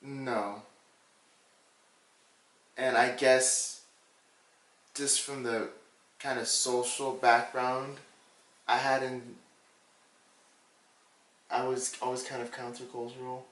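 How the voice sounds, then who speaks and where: Measured male co-host, hesitant delivery, roomy echo, distant mic. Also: mid-range voice, little pitch movement, a bit bright. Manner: measured, hesitant, asks questions. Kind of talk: casual conversation. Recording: echoey room, a little off-mic.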